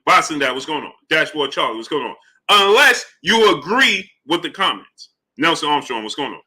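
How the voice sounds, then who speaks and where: Bright-voiced man hosting a live stream. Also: fairly high pitch, very animated, fairly quick, breathy edge. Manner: shouts out chat names between points, rising emphatic questions. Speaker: boxing channel host.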